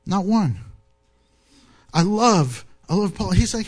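A man preaching a sermon, animated and joking, often laughing at his own asides. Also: high voice, takes it slowly, long pauses, husky. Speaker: pastor.

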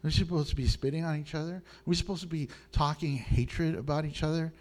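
Speaking at a quick pace, a middle-aged pastor gives an animated sermon to his flock. He laughs frequently, and his pitch rises and falls between low and high.

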